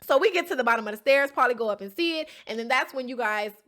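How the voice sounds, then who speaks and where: A woman's voice: high voice, lively intonation, fast, fairly bright tone. A woman giving a casual recap to camera, emphatic and swearing casually, checking in with "okay?" and "right?" as she tells the story. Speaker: reality show contestant recapping an episode.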